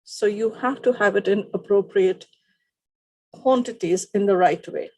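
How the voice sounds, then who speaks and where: A woman wellness coach giving a calm, instructive talk and guiding a breathing relaxation outdoors on a beach, repeating short phrases. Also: mid-range voice, a little slow, low-quality recording.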